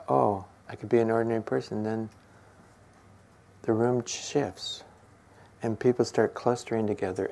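An older man giving a relaxed, musing meditation talk, gentle and quick to laugh. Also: mid-range voice, gravelly. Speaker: meditation teacher.

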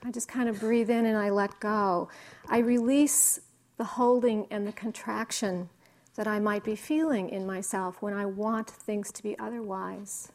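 A woman meditation teacher giving a slow, reflective dharma talk with soft pauses. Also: medium pitch, steady tone. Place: meditation hall.

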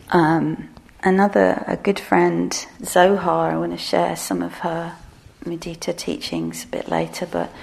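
A middle-aged woman giving a relaxed meditation talk, soft-spoken and self-deprecating with frequent laughter. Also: on the low side, creaky. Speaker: meditation teacher.

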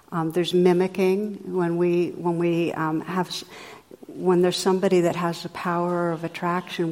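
This is a woman teaching meditation, her voice fairly low and slightly mellow. Her dharma talk is reflective and conversational, sprinkled with frequent fillers, and the hall where she speaks lends it a long reverb.

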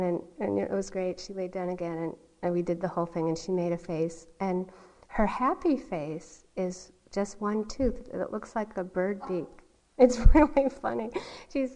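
Woman, dharma talk, mellow voice, soft laughs, trailing phrases. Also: mid-range voice, normal speed, low-quality recording. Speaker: meditation teacher. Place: meditation hall.

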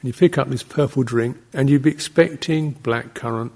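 A monk gives an easygoing dharma talk in a gravelly voice with a husky edge. His delivery wanders from story to story, broken up by quiet chuckles and little voiced reactions. He sits at an average pitch for a man. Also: moderate pace. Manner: anecdotal and digressive, with soft laughs and short acted-out exclamations. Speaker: Buddhist monk teaching meditation.

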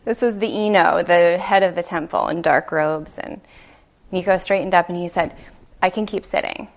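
A woman meditation teacher giving a dharma talk, telling a story slowly and gently, with soft pauses. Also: lowish voice, fairly even intonation. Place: retreat meditation hall.

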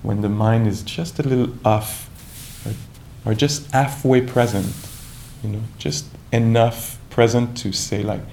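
A man speaks as a meditation teacher, his voice gravelly and warm in tone. His talk is calm and reflective, full of pauses, restarts and gentle asides. A faint low rumble sits behind him. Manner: calm, reflective, searching with many restarts and "you know". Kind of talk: dharma talk.

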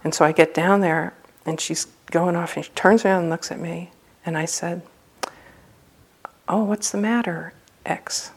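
A woman's voice: lowish voice, fairly even intonation, a little fast, few pauses. A woman meditation teacher giving a dharma talk at a retreat center, telling a personal story in a humorous, loose, conversational way.

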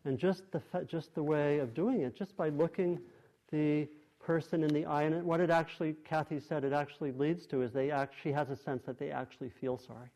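A man teaching meditation, giving a dharma talk to a group in a meditation hall, thoughtful and unhurried, with frequent pauses and restarts. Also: on the high side, fairly even intonation, a little mellow, muffled recording.

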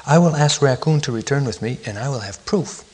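A man's voice: medium pitch, a little fast, darkish tone, husky, long reverb tail, close to an everyday voice. A man voicing a small, timid and curious male mouse in a read-aloud story. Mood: eager. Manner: timid, wondering.

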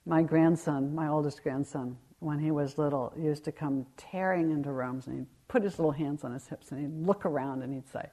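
A woman in her sixties who teaches meditation gives a gentle, unhurried dharma talk at a retreat. Her voice sits low, and she tells stories with pauses woven in.

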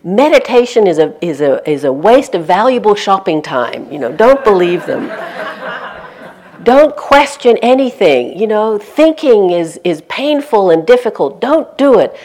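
A woman doing a loud mocking megaphone man. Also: mid-range voice, big pitch swings, measured pace, pitched above the performer's own voice. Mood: mocking, shouty. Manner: loud mocking announcer tone, repeating commands. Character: brash male street prankster preaching consumerism through a megaphone.

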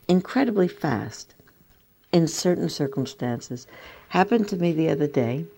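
Older woman, meditation teacher; low, gravelly, gentle reflective storyteller. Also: a little hiss or hum. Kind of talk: dharma talk to a group.

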